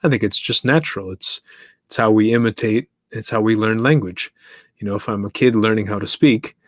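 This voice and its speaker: A fairly low-pitched, fairly quick male voice belongs to an East African man hosting his own podcast. Alone at the mic, he muses casually, laughs often, and puts questions to listeners, captured in clean studio sound without echo.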